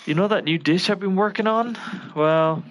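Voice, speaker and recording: A fretful young cook frets and apologizes in a slightly high, anxious voice, as a man plays him. A faint hiss of noise sits behind him. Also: moderate pace, natural voice. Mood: flustered. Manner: flustered, self-scolding.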